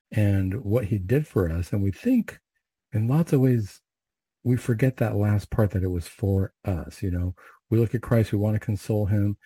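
A man leading Catholic prayers and giving an unhurried, reflective, conversational homily. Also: fairly low pitch, dark tone, husky, no room sound.

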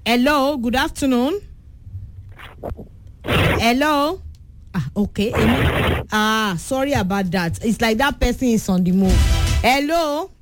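A woman's voice: a little high, lively intonation, slow pace, long pauses, music in the background. A woman with a Nigerian accent hosting a call-in radio game show, chatty and teasing, switching between languages.

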